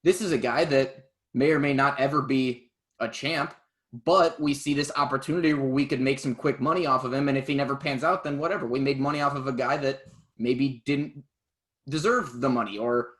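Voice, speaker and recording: Male podcast co-host, casual chat, easygoing and quick to laugh. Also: mid-range voice, fairly even intonation, a bit bright. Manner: chatty, laughs easily, trails off with fillers. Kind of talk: casual chat about MMA.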